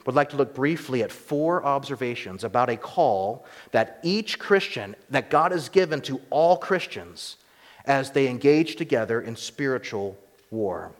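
An American man preaching a sermon in a church, earnest and measured, slowing down and dropping to a hush on key words. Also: medium pitch, animated. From United States. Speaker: pastor. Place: church sanctuary. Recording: long hall reverb.

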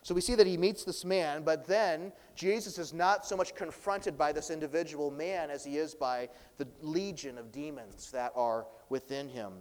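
A pastor delivering a sermon, preaching with swelling, dramatic emphasis. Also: male voice, a little high, moderate pace, hardly any pauses, in a large hall.

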